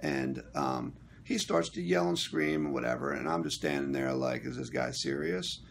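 Gravelly-voiced man telling a story. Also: very deep voice, moderate pace, slight background noise. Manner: animated storytelling, acting out quotes. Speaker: actor and union member. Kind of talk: casual vlog recap.

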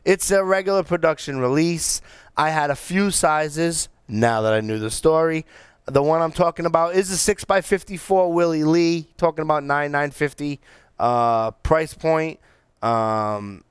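A middle-aged man co-hosting a casual podcast, telling stories with excitable energy and plenty of restarts and fillers. His voice is smooth and resonant. He is recorded dry and close, with no room sound. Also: fairly high pitch, no room sound. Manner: excitable, animated storytelling with many restarts and fillers. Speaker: podcast co-host reviewing cigars. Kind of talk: casual chat.

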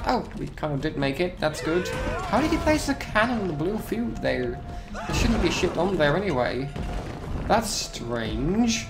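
A man giving casual gameplay commentary, excitable, repeating himself and yelping at sudden moments. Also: on the high side, measured pace, over music.

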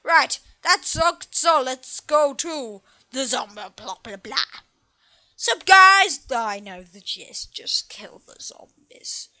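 High bright-voiced gaming commentator. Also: expressive, takes it slowly. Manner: chatty, mutters asides. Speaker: gaming YouTuber. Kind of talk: casual let's-play commentary.

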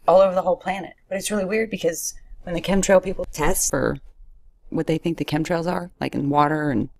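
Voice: mid-range voice, fairly even intonation, a little fast, vocal fry, no room sound. A co-host plainly explaining things in a casual talk recording made in an apartment. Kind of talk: casual chat.

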